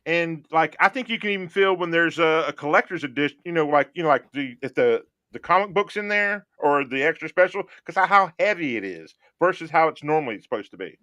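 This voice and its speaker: A man's voice: fairly high pitch, lively intonation, a little fast, few pauses, sharp tone, no echo, lo-fi sound. A man hosting a casual gaming podcast, joking and rambling as he thinks aloud. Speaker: podcast host.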